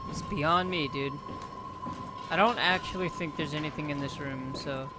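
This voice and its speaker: A man's voice: on the high side, moderate pace, very noisy. A man casually commenting on a game, joking and rambling. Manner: rambling, joking, self-deprecating. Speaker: let's play host.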